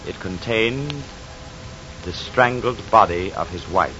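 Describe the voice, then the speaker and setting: Measured male radio-drama narrator. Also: lowish voice, loud music behind the voice. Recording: dull, noisy old radio recording.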